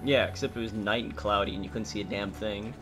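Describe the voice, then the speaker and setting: A man's voice: on the low side, fairly even intonation, quick pace, over music. A man co-hosting game commentary, riffing sarcastically with absurd jokes. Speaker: co-host. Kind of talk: let's play commentary.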